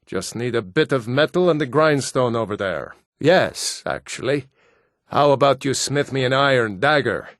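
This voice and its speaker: Blunt gruff Nord men. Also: male voice, medium pitch, lively intonation, moderate pace, fairly bright tone, no room sound, studio quality. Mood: matter-of-fact. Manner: blunt, plain-spoken. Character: assorted gruff adult Nord men of a fantasy game. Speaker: video game voice actor. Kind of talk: game voice lines.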